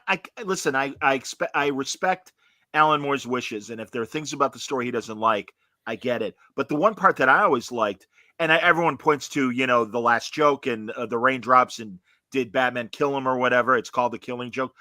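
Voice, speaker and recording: A male host with a bright, forceful tone and a dry, close sound. He talks in halting bursts and often trips and restarts. Between his own points he reads out viewer comments. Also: mid-range voice, dry recording. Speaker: podcast host. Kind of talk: casual interview talk.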